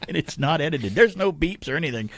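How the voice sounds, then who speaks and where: A man's voice: on the high side, noisy background. A middle-aged man hosting a radio show, bantering casually, joking and rambling as he goes. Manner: joking, rambling, laughs often. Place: radio studio.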